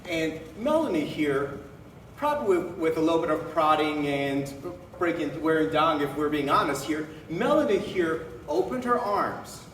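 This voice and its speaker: A man's voice: fairly high pitch, expressive, normal speed, fairly bright tone, slight background noise. A man telling a story and giving a toast at a birthday celebration. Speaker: guest speaker. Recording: echoey hall from far off.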